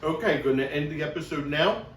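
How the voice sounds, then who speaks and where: A man hosting a casual home cooking vlog, chatting slowly and warmly to viewers as he cooks. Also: a little high, slight background noise. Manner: slow, homey, talks to viewers while cooking. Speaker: cooking show host. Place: home kitchen. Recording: echoey kitchen, mic far off.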